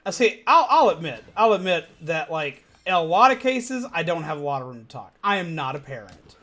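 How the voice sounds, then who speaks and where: High-voiced rambling young man streamer. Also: fairly quick. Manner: rambling, animated, swears freely. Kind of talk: casual gaming commentary.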